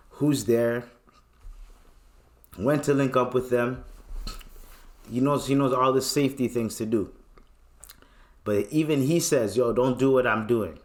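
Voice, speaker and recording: Man, podcast host, casual solo rant, profane slang, ordinary pitch. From Canada.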